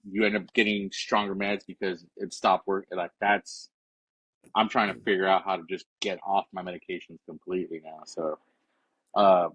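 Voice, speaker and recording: A middle-aged man with a low, husky voice chats casually, with a laid-back, self-mocking tone. The sound is dry and close to the mic. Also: level tone, moderate pace, fairly bright tone, no echo, rough recording. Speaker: podcast co-host. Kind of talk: casual chat.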